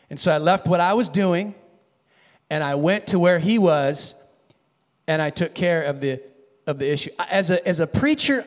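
A man preaching a sermon, animated, building to shouted emphasis and dropping low again. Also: big-room sound.

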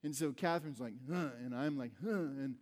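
A man's voice: mid-range voice, brisk, darkish tone. A middle-aged man preaching a sermon, telling a personal story in a rambling, conversational way with many restarts. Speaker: pastor.

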